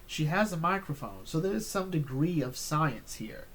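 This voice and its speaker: A man's voice: a little high, sing-song, moderate pace, a bit bright, slight background noise. Rambling man reviewing an episode. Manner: rambling, full of fillers and restarts. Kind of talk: casual review chat.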